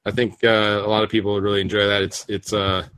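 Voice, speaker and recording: Man, podcast host, low voice, bright tone, dry sound, casual rambling chat. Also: little pitch movement, fast talker, clean tone, no room sound. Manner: rambling, restarts with many fillers.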